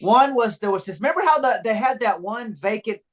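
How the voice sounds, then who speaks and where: A man co-hosting a comedy podcast, telling stories in a relaxed way and mimicking the people he quotes. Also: high-pitched, brisk. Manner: laid-back storyteller who mimics the people he quotes. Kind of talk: casual storytelling chat.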